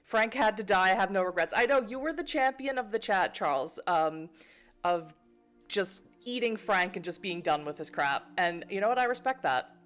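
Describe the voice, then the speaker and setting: A woman's voice: mid-range voice, lively intonation, normal speed, fairly bright tone, soft background music. A young woman streaming a narrative game, chatting playfully with many fillers and laughs while reading the game text aloud.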